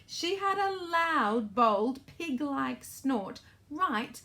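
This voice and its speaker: A woman's voice: sits high, sing-song, extremely slow, pushed and bright. A woman author reading her children's storybook aloud in a playful way and asking the young listeners questions.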